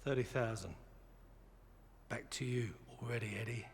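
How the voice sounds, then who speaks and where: Actor as a smug, taunting card player; reverb on the voice. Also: male voice, medium pitch, moderate pace, slight background noise, close to an everyday voice.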